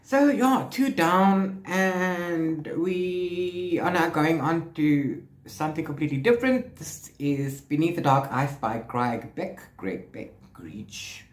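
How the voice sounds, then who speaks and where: A man's voice: fairly high pitch, lively intonation, slow, hardly any pauses. A man vlogging about his reading, chatting casually and often correcting himself mid-sentence. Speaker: book vlogger. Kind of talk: casual book review chat. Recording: roomy echo.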